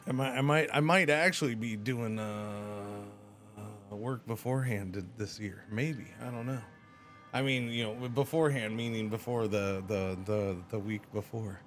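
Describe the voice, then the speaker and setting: A man's voice: lowish voice, moderate pace, fairly bright tone, soft background music. A man streaming a game, chatting casually and rambling with playful exclamations. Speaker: livestreamer. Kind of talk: casual gaming commentary.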